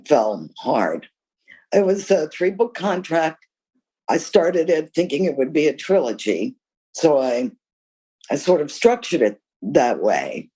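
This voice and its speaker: Speaking in a low, slightly rough voice, an older woman who is a guest author tells lively career stories while answering interview questions with candor and emphasis. The recording itself is rough.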